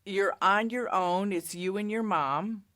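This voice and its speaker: A woman hosting an interview, asking affirming, gentle questions. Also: mid-range voice, a little slow, dry recording, studio quality. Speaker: interviewer, host.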